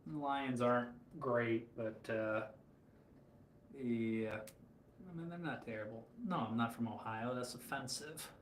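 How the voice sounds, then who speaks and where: A man's voice: mid-range voice, slow pace. A man from Michigan talks through his cooking on a casual livestream, rambling and cracking jokes as he answers chat. His voice sits in a middling register and carries a roomy echo, with faint ambient noise underneath. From Michigan, USA. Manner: rambling, joking asides while answering chat. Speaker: cooking streamer. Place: hotel room kitchen.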